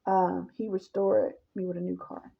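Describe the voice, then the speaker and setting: Woman, gravelly voice, emphatic testimony, dull lo-fi recording. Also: lowish voice, flat delivery, moderate pace. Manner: emphatic, speaks straight to listeners as y'all. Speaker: woman sharing her testimony. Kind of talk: personal testimony monologue.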